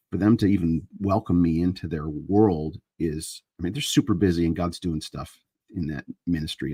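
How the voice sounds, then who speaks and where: Man, low husky voice, dry close sound, rambling host monologue that keeps restarting. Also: darkish tone, dry recording. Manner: meandering, self-interrupting, restarts sentences. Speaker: host of a live chat stream. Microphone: handheld microphone he moves around.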